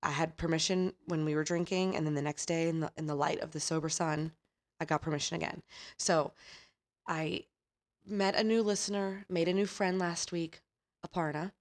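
A woman co-hosting a podcast, telling a story in an animated, chatty way, often laughing and swearing casually. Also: low-pitched, moderate pace. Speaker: podcast co-host.

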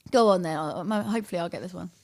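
A woman's voice: lowish voice, rapid-fire. A young English woman hosting a podcast, chatting casually, giggly and self-deprecating. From England. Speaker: podcast host and radio presenter. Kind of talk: casual chat.

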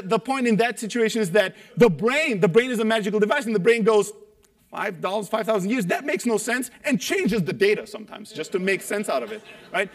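A man giving an energetic talk on sales calls to an audience, acting out quoted voices and tagging points with "right?". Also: high voice. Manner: animated, acts out quoted voices, rhetorical "right?". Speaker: sales coach speaker.

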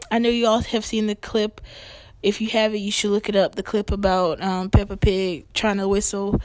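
A woman hosts a talk show in a chatty, playful manner, dropping in fillers as she rolls through light news. Her mid-pitched voice is recorded close and dry, with no room around it. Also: little pitch movement, moderate pace, a little mellow, no room sound. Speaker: podcast host.

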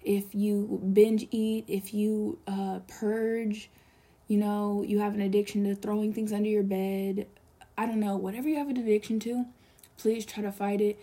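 A husky young woman with a dark, gravelly tone and a flat, even pitch talks straight to camera in a confessional monologue. She is earnest and pleading, repeats her points for emphasis, and sometimes sinks to a whisper. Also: normal speed. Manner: drops to a whisper at times.

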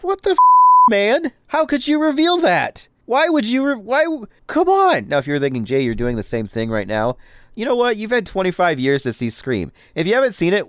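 A man hosting a podcast, casually and jokingly recapping a film, with lots of animated voices. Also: fairly high pitch, no room sound, studio quality. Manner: chatty, jokey, animated impressions. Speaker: podcast host.

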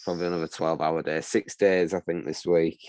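A young man with a very low voice, worn out and swearing freely as he tells a story on a video call. His sound is dry and close, with no room echo. He tells it in a lively, animated way. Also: a little fast. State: exhausted after a twelve-hour shift. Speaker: video call chat participant. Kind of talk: casual chat.

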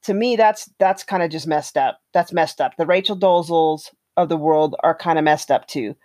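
A woman's voice: low-pitched, moderate pace, darkish tone, dry recording. Woman cohost, rambly w lots of fillers, dry close mic. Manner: chatty, hedging, many fillers and agreeing asides. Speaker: co-host. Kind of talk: casual opinion chat.

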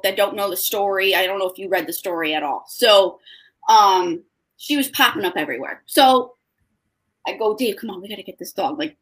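A young woman with a mid-range voice, a dog owner appearing as a guest on a video call, tells an emotional story casually and tearfully, giving lively voices to the people she quotes.

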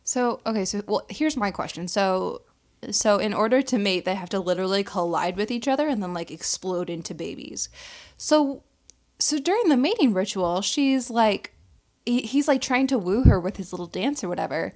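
A woman co-hosting a casual podcast. She talks in an animated way, swearing freely and laughing often. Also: mid-range voice, moderate pace. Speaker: podcast co-host. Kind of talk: casual chat.

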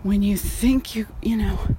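A woman's voice: medium pitch, fairly even intonation, a little slow, background noise. A woman painter talking frankly while walking outdoors, sighing and swearing casually, a bit out of breath. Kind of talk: casual vlog monologue.

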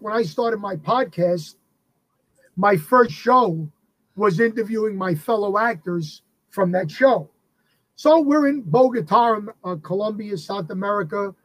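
A man telling a casual, animated story as an actor guest on a podcast, acting out the people he quotes. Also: high-pitched, no echo, rough recording.

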